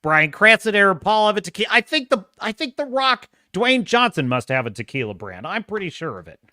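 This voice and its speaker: A man's voice: high-pitched, brisk, no room sound, clean studio sound. A man hosting a podcast, ranting mockingly with frequent laughs. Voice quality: mocking, animated, laughs often. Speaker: podcast host. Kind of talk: ranting commentary.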